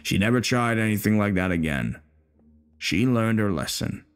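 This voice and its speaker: A man voicing a bitter, crude, hostile older male war veteran who talks slowly, menacingly and profanely. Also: lowish voice, lively intonation, smooth, natural voice. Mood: dismissive.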